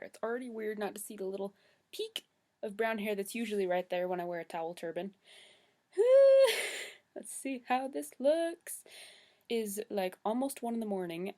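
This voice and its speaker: A young woman vlogging at home late at night, chatty, excitable and giggly. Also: mid-range voice. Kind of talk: casual vlog.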